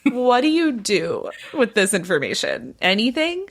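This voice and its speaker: A woman's voice: a little high, unhurried, a little hiss or hum. A woman hosting a podcast, telling a gossip story in casual chat and acting out the people in it. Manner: animated, acts out quoted people with bright voice jumps.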